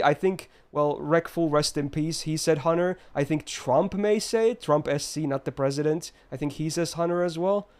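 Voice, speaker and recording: A man streaming a game live, ranting emphatically and answering his chat. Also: a little high.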